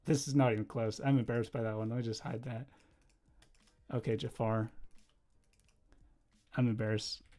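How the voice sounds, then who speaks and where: A young man chatting casually on a livestream while drawing, rambling and easily distracted, breaking into quick laughs. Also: medium pitch, level tone, dark tone. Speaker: livestreamer and animator.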